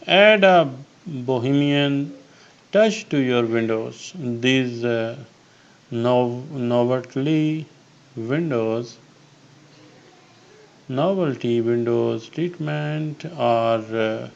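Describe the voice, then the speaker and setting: A man narrating a home decor tutorial as host, reading haltingly with frequent "uh" pauses. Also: mid-range voice, vocal fry, lo-fi sound. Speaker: DIY channel host.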